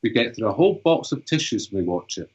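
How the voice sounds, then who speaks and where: A man's voice: fairly low pitch, big pitch swings, quick pace, a little mellow, breathy edge. A man reading a kind storybook dad. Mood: fond. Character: kind, gently teasing storybook father. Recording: dull lo-fi recording.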